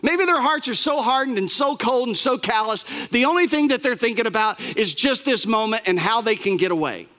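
Male preacher, dramatic storyteller, high and bright with a lively pitch, recorded in a big echoing sanctuary. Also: fairly quick, hardly any pauses. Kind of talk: sermon.

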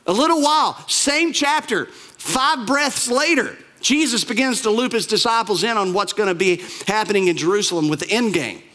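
A man with a notably high voice delivers a sermon. He tells scripture stories with animated, conversational asides, acting out quoted lines as he goes. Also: normal speed, hardly any pauses. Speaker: pastor.

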